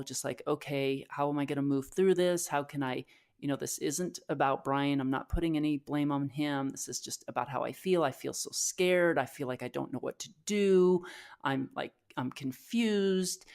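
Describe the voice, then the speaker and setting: A woman's voice: deep voice, darkish tone. A woman co-hosting a podcast, candidly retelling a personal emotional experience with lots of fillers and restarts. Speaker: podcast co-host. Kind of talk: personal storytelling.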